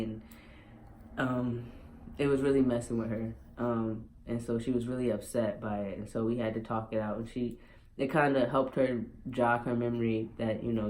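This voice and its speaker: A man's voice: mid-range voice, a little mellow, a little hiss or hum. A young man vlogging at home, telling a personal story in a candid, emotional way with many fillers.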